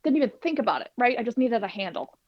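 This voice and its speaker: A woman with a somewhat high voice tells her own story in an interview, animated and acting out what people said. The recording is dull and lo-fi, with a dry, close sound. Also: fast, no room sound. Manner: animated, acts out quoted dialogue. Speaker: plant-based cooking instructor, guest.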